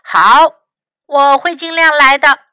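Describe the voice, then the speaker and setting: A woman's voice: high-pitched, slow pace, sharp tone, no room sound, full character voice. A woman voicing a cross, curt male rat in a bilingual storybook reading. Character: grumpy male rat hiding in a cabin.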